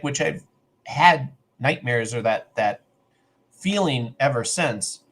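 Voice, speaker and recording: Animated man telling a story. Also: mid-range voice, unhurried. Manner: animated, acts out other people's lines in the story. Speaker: podcast co-host. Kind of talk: casual storytelling.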